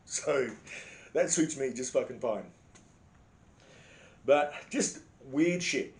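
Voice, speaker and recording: This Australian storyteller speaks slowly at a medium pitch, his voice animated and creaky. His comic anecdote is sarcastic and full of blunt, nonstop swearing, captured with a roomy echo around it.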